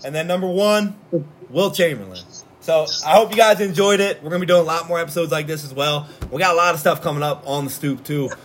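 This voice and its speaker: A man's voice: fairly high pitch, fast talker. A man co-hosting a casual sports podcast, loose and laughing, swearing freely. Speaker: podcast co-host.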